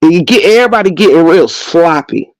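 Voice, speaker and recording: A man's voice: a little high, animated, brisk, no echo, low-quality recording. A man hosting a commentary stream, ranting bluntly with heavy slang, cursing and mocking. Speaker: commentary host. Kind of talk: unscripted rant.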